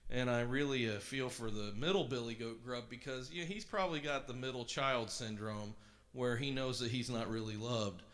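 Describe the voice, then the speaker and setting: A man's voice: medium pitch, normal speed, fairly bright tone. A middle-aged man hosting a livestream, reading a children's book aloud and chatting enthusiastically in rambling asides. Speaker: livestream host. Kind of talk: casual reading and chat on a livestream.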